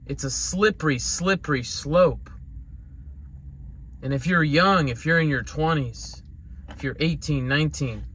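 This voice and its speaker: An earnest man with a somewhat high voice gives a rambling motivational talk. He swears freely and talks plainly. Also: measured pace, pauses often, a bit bright, a little hiss or hum. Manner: earnest, rambling, salty language. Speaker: motivational speaker.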